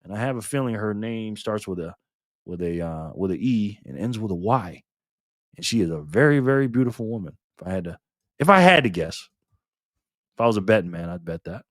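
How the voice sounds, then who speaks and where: An older man hosting a casual live stream, greeting viewers by name, loud and cheerful one moment and low and quiet the next. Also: expressive, fairly quick, no echo, clean studio sound.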